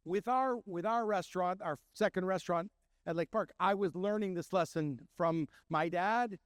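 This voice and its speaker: A middle-aged man, a chef and restaurant owner, telling stories in an animated way and acting out the voices of the people he quotes. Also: high voice, moderate pace, no echo, clean studio sound. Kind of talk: storytelling talk.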